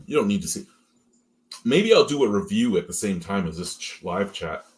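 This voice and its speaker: Husky animated man telling stories loudly. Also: on the low side, normal speed. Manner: loud, profane, animated storytelling. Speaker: beer review podcast co-host. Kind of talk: casual live-stream chat. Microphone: headphones and mic at home.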